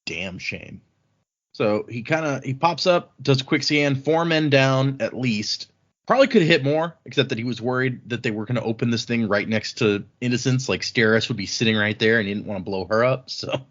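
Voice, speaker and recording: A man casually recapping a book chapter on a podcast, rambling and animated as he retells the action. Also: medium pitch, fairly quick. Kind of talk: casual chat. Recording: slightly dull lo-fi sound.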